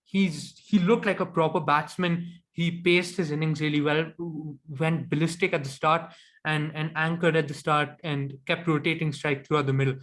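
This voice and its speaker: A man's voice: a little high, steady tone, moderate pace, fairly bright tone. A man co-hosting a podcast in casual chat, opinionated and chatty with frequent ums. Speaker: podcast co-host.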